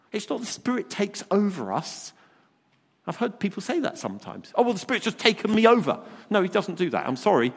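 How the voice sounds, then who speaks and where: A man preaching a sermon, telling a personal story with lively quoted asides. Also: sits high, vocal fry, long reverb tail.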